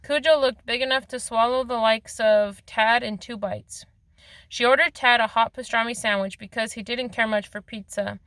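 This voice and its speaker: A woman's voice: fairly high pitch, fairly bright tone, dry recording. Woman reading a novel aloud, dry sound. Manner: plain reading with occasional slips and restarts. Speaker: reader of a novel.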